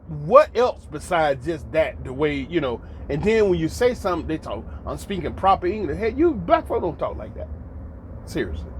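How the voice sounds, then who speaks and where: Animated high-pitched American man preaching. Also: slight background noise. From United States. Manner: emphatic and preachy, repeating lines for effect, mocking asides. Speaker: commentary host. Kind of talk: animated monologue commentary.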